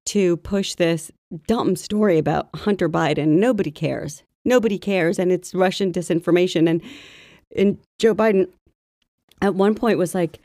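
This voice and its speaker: A woman's voice: lowish voice, normal speed, dark tone, dry recording, clean studio sound. A woman co-hosting a casual podcast, talking in a chatty, gossipy way. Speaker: podcast co-host. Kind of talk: casual chat.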